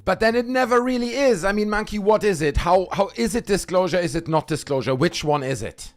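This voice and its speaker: A man's voice: high-pitched, fairly quick, soft background music. A man with a German accent hosting a live stream, a theatrical, playful showman. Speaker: livestream host. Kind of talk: hyped live-stream chat.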